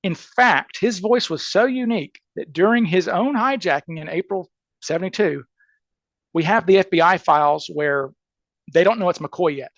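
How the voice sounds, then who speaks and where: A man's voice: sits high, moderate pace, no echo, lo-fi sound. A man with a Southern accent, a criminal defense attorney on a podcast interview, laying out a case emphatically and checking in with "okay?" and "right?" as he goes.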